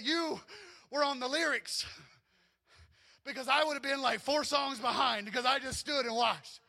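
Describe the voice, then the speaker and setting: A man with a high, bright voice preaching a sermon. He tells personal stories with lively, animated energy and often climbs almost to a shout. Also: normal speed, vocal fry, husky. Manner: animated storytelling, often rising to near shouts, with laughs. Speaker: pastor.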